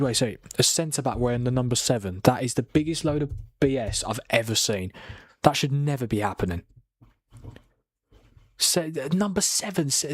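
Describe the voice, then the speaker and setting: A man reacting live to a football match from home late at night. He talks fast and excitably, laughing and swearing as he calls the action to a friend. The sound is close and dry. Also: medium pitch, no echo. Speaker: watchalong host. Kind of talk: live football watchalong commentary. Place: home at night, keeping quiet.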